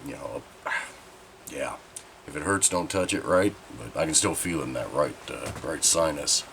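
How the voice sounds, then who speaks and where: A man from Southern Oregon hosts his own channel, giving a rambling, candid vlog update in a congested, nasal voice while recovering from a sinus infection. His voice is very deep and a bit bright with vocal fry, animated at a normal speed, and he swears mildly. There's slight background noise.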